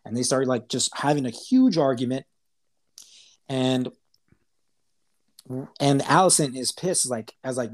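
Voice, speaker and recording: A man on a podcast, casually retelling a TV episode in a rambling way, with lots of fillers and quick acted-out quotes. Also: medium pitch, fairly even intonation, darkish tone. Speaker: podcast host. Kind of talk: casual chat recapping a TV episode.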